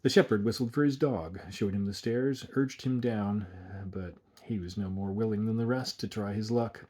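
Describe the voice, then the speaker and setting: A man narrating a dark old storybook aloud, measured and hushed. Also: on the low side.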